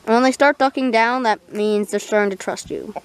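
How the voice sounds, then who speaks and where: A woman from Canada chatting casually in a backyard tutorial vlog, talking softly to her chickens. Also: a little high, steady tone, a little fast, smooth. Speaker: vlogger. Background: chickens clucking.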